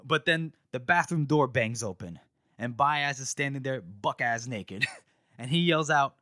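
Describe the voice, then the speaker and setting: A young man co-hosting a podcast, retelling a book chapter in casual chat, animated and laughing as he acts out lines. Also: medium pitch, a little slow, no room sound, studio quality.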